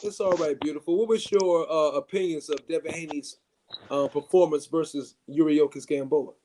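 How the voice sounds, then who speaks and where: A man's voice: fairly high pitch, steady tone, normal speed, warm tone. A man hosting a live stream, chatting loosely about boxing, with many fillers and restarts.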